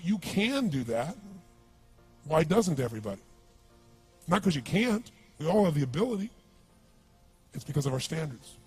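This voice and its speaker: A man's voice: fairly high pitch, slightly rough. A man giving a motivational seminar talk, telling a story with energy and asking the crowd questions. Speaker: motivational speaker.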